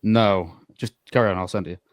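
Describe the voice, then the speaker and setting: A man co-hosting a podcast, chiming in with quick teasing remarks. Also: deep voice, fairly even intonation, no echo, clean studio sound. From England. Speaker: podcast co-host. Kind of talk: casual chat.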